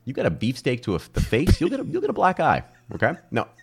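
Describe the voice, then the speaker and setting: A man co-hosting a casual podcast chat, rambling and joking, with big jumps in pitch for emphasis. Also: quick pace, vocal fry, slightly rough. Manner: animated, rambling, jokey, leaps up in pitch for emphasis. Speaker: podcast co-host.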